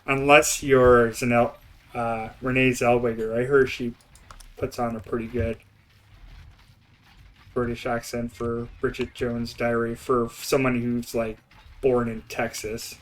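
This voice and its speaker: A man's voice: medium pitch, little pitch movement, a little slow. Eastern canadian guy streaming, young, chatty, rambles on and laughs a lot. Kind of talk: casual gameplay commentary.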